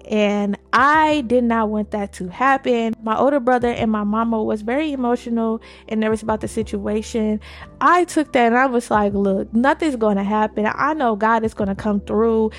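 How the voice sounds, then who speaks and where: A woman co-hosting a podcast, telling a faith testimony in an emphatic, animated, casual way. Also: fairly high pitch. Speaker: podcast co-host.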